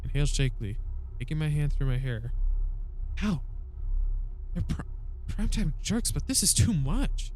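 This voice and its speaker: A man's voice: fairly high pitch, very animated, normal speed, pauses often, a little mellow. A man reading a story game aloud, joking and swearing between lines. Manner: jokey, swears, laughs at himself. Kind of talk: reading and reacting to a narrative game.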